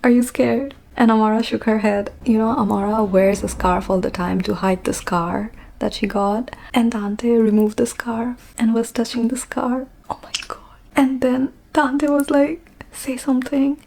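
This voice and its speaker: Gushing young woman with a gravelly voice. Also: fairly high pitch, normal speed, hardly any pauses. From Bangladesh. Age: young adult. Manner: gushing, animated retelling with giggles and whispered asides. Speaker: book vlogger. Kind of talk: casual book recap.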